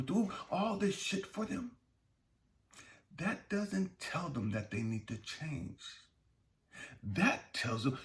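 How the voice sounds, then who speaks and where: A man hosting a self-help channel, giving a blunt, heavily profane, preachy motivational monologue. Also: a little high.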